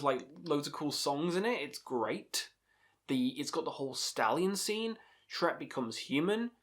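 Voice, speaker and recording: A man hosting a video channel, giving a casual, enthusiastic film review full of swearing and laughter. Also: a little high. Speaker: video host ranking films.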